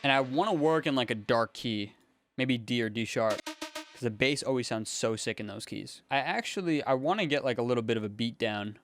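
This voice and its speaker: A young man, a music producer, casually thinking aloud in a relaxed, slangy way as he builds a track in his home studio. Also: mid-range voice, normal speed. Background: faint synth music playing.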